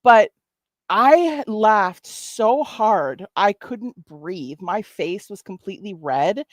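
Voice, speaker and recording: A woman's voice: medium pitch, lively intonation, slow pace, no echo. A woman streamer reacting to videos, laughing a lot and swearing as she talks to her chat.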